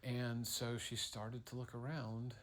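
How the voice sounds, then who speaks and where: A father improvising a story for his child, relaxed and rambling, playful, with fillers. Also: mid-range voice, slow. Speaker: father telling a bedtime story.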